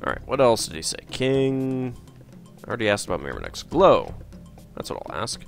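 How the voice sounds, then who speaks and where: Male let's player, lively pitch, hesitant casual commentary. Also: normal speed, gravelly, soft background music. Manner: musing, hesitant, lots of uhs.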